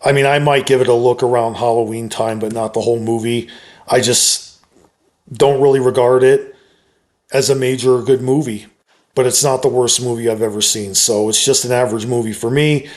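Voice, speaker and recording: A man talking straight to his viewers, giving his opinion of a horror film in a relaxed, conversational way with frequent hedges. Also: mid-range voice, moderate pace. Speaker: YouTuber reviewing a film. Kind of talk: casual opinion monologue.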